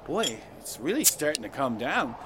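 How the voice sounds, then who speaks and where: A man's voice: mid-range voice, sing-song, normal speed, background noise. A man performing comic sketches and a satirical monologue, sarcastic and exasperated. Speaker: comedy performer.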